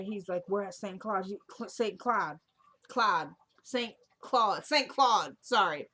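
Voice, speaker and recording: A woman's voice: mid-range voice, fairly bright tone. A young woman casually recapping a TV drama episode, retelling scenes and quoting the characters in a chatty way.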